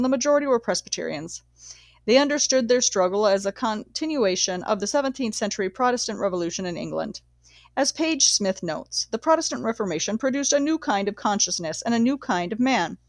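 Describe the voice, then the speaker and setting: A woman reading a nonfiction history book aloud in a measured, steady way, sometimes correcting herself. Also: mid-range voice, dry recording. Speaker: audiobook reader.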